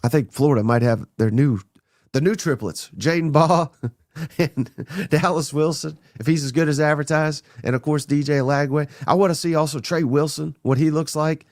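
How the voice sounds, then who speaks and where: A man hosting a sports podcast, talking bluntly and excitedly through a list of names, a little under the weather. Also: on the high side, moderate pace, no echo, clean studio sound. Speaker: podcast host. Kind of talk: casual sports talk monologue.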